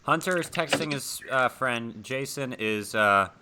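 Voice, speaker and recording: A young man as game master, narrating a tabletop horror game over voice chat with relaxed fillers. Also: mid-range voice, a little slow, noisy background.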